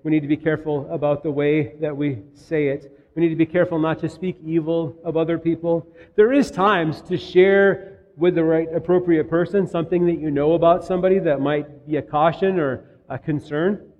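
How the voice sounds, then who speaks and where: A man's voice: on the high side, fairly even intonation, normal speed, big-room sound, muffled recording. A man from Minnesota preaching a sermon, telling stories in a conversational way. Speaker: pastor.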